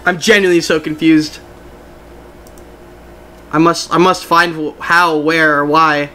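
A young man streaming a game, chatting casually with his viewers in an excitable, giggly way. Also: on the high side, unhurried. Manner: excitable, giggly, talks to chat. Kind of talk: casual live-stream chat.

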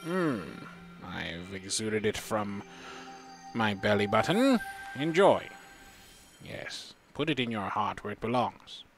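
A man's voice: on the low side, big pitch swings, slow pace, faint music behind, full character voice. A man voicing a solemn, goofy old male shrine monk in a put-on British accent, speaking in a grand, ceremonial way.

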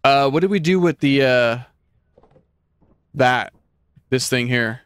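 A man hosting a casual gameplay session, excitable and laughing often as he chats with friends. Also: mid-range voice, takes it slowly, clear, resonant tone, dry recording. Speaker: gaming channel host.

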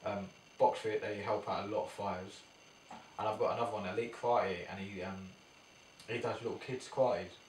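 Young boxer, low-key slangy chat, echoey room, distant mic. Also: male voice, steady tone, normal speed, slight background noise. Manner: laid-back slangy banter. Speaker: professional boxer guest. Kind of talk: casual chat.

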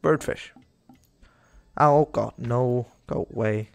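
Gravelly young man rambling over gameplay. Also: mid-range voice, takes it slowly, a little mellow. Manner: rambling, talks to the game animals, easily exasperated. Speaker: gaming YouTuber. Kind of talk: casual gameplay commentary.

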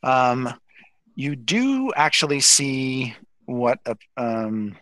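A man's voice: medium pitch, big pitch swings, extremely slow, a bit bright, no echo, low-quality recording. A man narrating as dungeon master in a tabletop game, describing scenes in a rambling way with many fillers.

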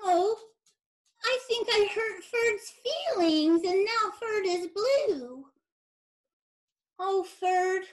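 Woman puppeteer teacher for young kids: very high, unhurried, gentle and sing-song. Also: expressive. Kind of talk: puppet storytelling for children. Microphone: video call.

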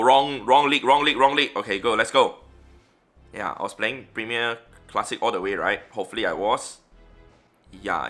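A man's voice: fairly low pitch, bright, forceful tone. A young man giving live, chatty commentary on his own game, thinking aloud with lots of fillers and restarts. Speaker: gaming streamer.

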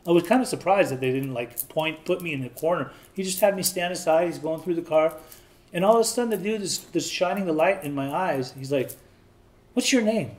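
His voice sits on the high side, a little mellow, at a fairly quick pace. He's a Southern California man in his thirties, candidly telling his own story in an interview in plain terms and imitating the voices of people he quotes.

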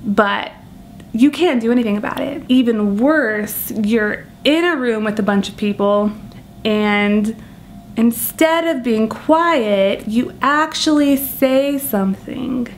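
A young woman telling self-deprecating comic stories in an animated vlog monologue. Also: fairly high pitch, takes it slowly, a little hiss or hum. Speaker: vlogger.

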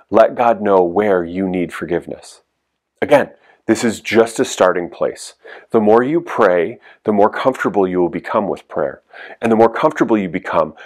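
A man giving a youth sermon as a youth pastor, earnest and encouraging, repeating his key phrases. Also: fairly low pitch. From Canada.

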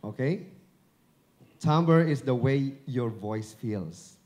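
A dubbing director and broadcaster from the Philippines gives a live talk to an audience at an event venue, joking, chatting and encouraging them via a handheld mic at his chin. The Filipino man's mid-pitched voice is mellow and expressive, delivered at a measured pace.

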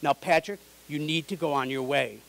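A woman's voice: low voice, normal speed, gravelly, a little hiss or hum, rough recording. A man voicing his older mother, loving but in denial, insistent and pleading. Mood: firm denial.

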